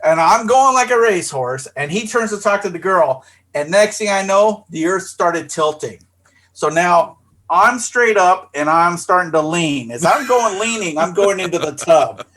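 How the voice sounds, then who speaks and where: A middle-aged man with a fairly high voice tells a rowdy story on a podcast. He talks in a loose, profane way and acts out his own lines with lively quotes. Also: moderate pace. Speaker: podcast co-host. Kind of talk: casual storytelling.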